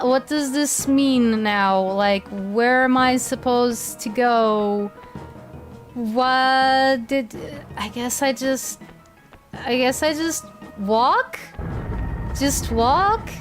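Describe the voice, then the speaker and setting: Slow-talking, self-mocking woman streamer. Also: high voice, low-quality recording. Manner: rambling, self-mocking, many restarts. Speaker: VTuber game streamer. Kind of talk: casual gameplay commentary.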